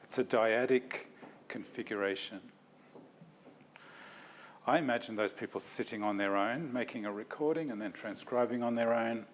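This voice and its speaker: A man's voice: medium pitch, moderate pace, pauses often, a little hiss or hum. A man giving an academic talk, reflective and self-deprecating, in a lecture hall.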